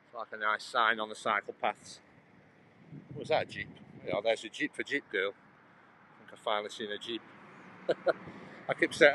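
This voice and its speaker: An English man livestreams while walking along an outdoor cycle path, chatting to viewers in a rambling, casual way into his phone as traffic passes. His voice is on the low side, pushed and bright, at a moderate pace with long pauses.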